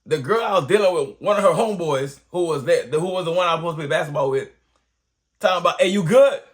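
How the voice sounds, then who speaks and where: A young man telling a comic storytime, animated and chatty, sprinkling in slang and bursting into shouted exclamations. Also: a little high, quick pace. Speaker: storyteller vlogger.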